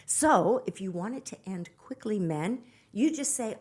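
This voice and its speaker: An earnest woman coaching on relationships in a podcast chat, with a voice of middling pitch. She speaks emphatically and slips into little acted quotes to show what to say. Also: lively intonation, measured pace, a little mellow, breathy edge. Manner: earnest, emphatic, acts out quoted lines in dialogue. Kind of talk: podcast conversation giving advice.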